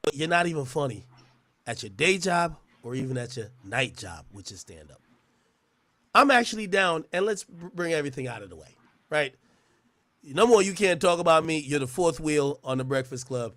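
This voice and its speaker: Very animated, this man trash-talks in a roast rant at a moderate pace, his voice a little high and a bit bright. The internet personality is profane and mocking, frequently stumbling and starting words over.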